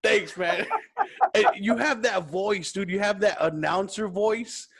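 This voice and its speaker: A man's voice: high-pitched, measured pace, vocal fry, a loud crowd. A man hosting a podcast, laughing a lot and swearing casually as he praises his guest. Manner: laughing, profane, enthusiastic. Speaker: podcast host.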